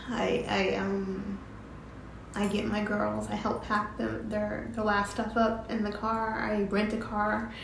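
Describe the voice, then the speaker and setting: A middle-aged woman telling a personal story, halting and emotional, with many fillers and restarts. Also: medium pitch, monotone, vocal fry, fairly bright tone, reverberant, slight background noise. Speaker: vlogger telling her story.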